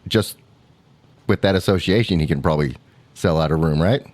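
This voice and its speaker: Low voiced dude teasing his friends fast, dry close mic. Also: a little mellow, no room sound. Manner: teasing, quick banter. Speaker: podcast co-host. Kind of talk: casual chat.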